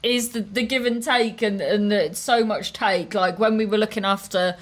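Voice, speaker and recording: A woman comedian telling stories on a podcast in a quick, tumbling way, cutting herself off and restarting, laughing often. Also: medium pitch, steady tone. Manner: quick, self-interrupting storyteller with frequent laughs. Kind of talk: casual chat.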